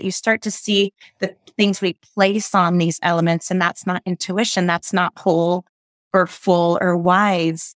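A woman's voice: lowish voice, fairly even intonation, measured pace, no echo, studio quality. A woman speaking as an interview guest, explaining ideas on intuition in a rambling, self-correcting way like a spiritual teacher.

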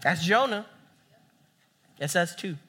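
High, bright-voiced young man preaching. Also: slow pace, slightly rough. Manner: animated, acts out quoted voices. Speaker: campus pastor. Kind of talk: sermon.

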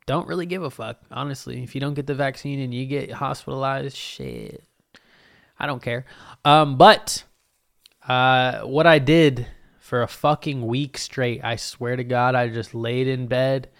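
A man's voice: medium pitch, lively intonation, measured pace, gravelly, no echo, clean studio sound. Profane, rambling young man. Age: 20s. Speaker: podcast host. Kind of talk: casual solo podcast rant.

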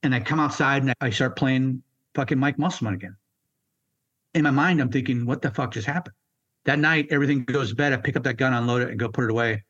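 Blunt, halting older man recounting hardship. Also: medium pitch, fairly bright tone, lo-fi sound. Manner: blunt, raw and halting, swears freely. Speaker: military veteran interviewee. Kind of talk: candid personal storytelling.

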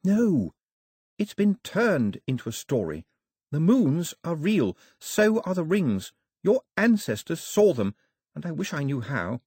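A man voicing an eager, clever young girl who explains things in earnest, well-spoken and quick to get excited. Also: on the high side, breathy edge, no room sound, studio quality, pitched above the performer's own voice, full character voice. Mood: eager explaining.

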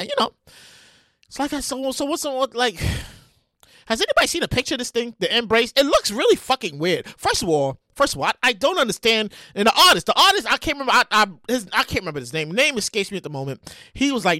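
A man hosting his own podcast, talking casually in a rambling, profane, animated way. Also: very high voice, fast talker, dry recording, clean studio sound. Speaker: podcast host. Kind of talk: casual solo commentary.

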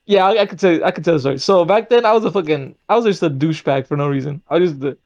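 A young man with a slightly high voice rambles through a story, piling up fillers and swearing as he goes. The sound is dry and a little dull. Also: rapid-fire, darkish tone, no echo. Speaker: podcast host. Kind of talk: casual chat.

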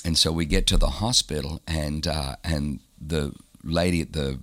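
A man being interviewed, telling a personal story in an animated way and repeating phrases for emphasis. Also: rumbling low, moderate pace. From born in Germany, raised in Australia. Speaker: guest, pastor.

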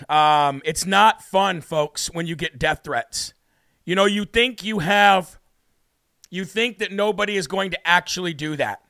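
A man's voice: high voice, pushed and bright, no room sound, studio quality. A man hosting a talk radio show, emphatic and repetitive, preaching in a worked-up monologue. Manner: emphatic, repeats phrases, preacher-like cadence. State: emotionally worked up.

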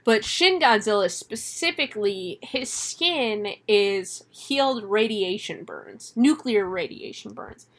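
A woman's voice: medium pitch, lively intonation, takes it slowly, few pauses. A young woman co-hosting a casual movie review chat, swearing freely, laughing often and acting out the characters. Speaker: podcast co-host.

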